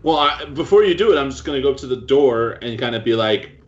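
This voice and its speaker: A man playing a tabletop game casually, asking eager, quick questions. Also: medium pitch, expressive, background noise. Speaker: player. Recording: dull lo-fi mic.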